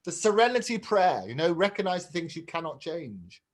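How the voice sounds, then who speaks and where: A man's voice: sits high, big pitch swings, moderate pace. A middle-aged man hosting a chat show, enthusiastic and prone to repeating words while he gathers his thoughts. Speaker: host. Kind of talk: casual chat.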